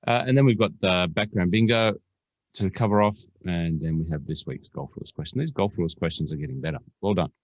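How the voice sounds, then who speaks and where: A man's voice: low-pitched, brisk, no echo, dull audio. An Australian man hosting a podcast, chatting in a jokey, rambling way full of fillers. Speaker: podcast host. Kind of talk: casual podcast chat.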